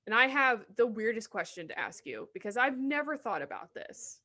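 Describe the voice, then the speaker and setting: Bright-voiced woman cohosting a chatty podcast, swears a lot, does goofy little voices for animals. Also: fairly high pitch, big pitch swings, normal speed. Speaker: podcast co-host. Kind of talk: casual podcast chat.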